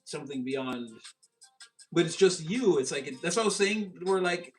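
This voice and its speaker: A man giving a casual tarot reading, excitable and rambling, with many restarts and fillers. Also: a little high, normal speed, faint music behind, poor audio. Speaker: tarot reader.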